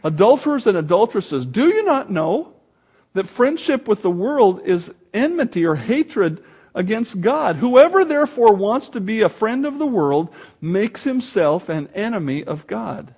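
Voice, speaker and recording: Pastor guy preaching, high voice that swoops all over, gets loud for emphasis. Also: measured pace, slightly rough. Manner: animated, emphatic preaching with dramatic swings in loudness. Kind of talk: sermon.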